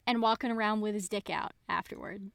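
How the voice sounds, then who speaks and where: A woman's voice: mid-range voice, steady tone, brisk, vocal fry, very noisy. A woman co-hosting a podcast, chatting casually about books and animatedly retelling scenes. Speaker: podcast co-host. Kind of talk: casual book-club chat.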